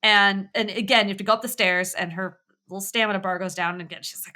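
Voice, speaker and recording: A woman's voice: medium pitch, brisk, hardly any pauses. A woman co-hosting a podcast, chatting casually and retelling a video game's puzzle, quoting its characters as she goes. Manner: chatty, animated retelling, quoting game characters in little voices. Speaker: podcast co-host. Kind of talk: casual chat about a video game.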